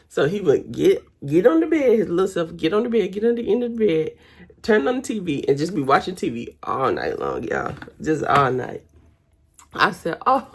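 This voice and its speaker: A woman's voice: low-pitched, husky. A young woman, chatting casually with her viewers while doing her makeup at home. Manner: chatty, addresses viewers as y'all. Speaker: vlogger.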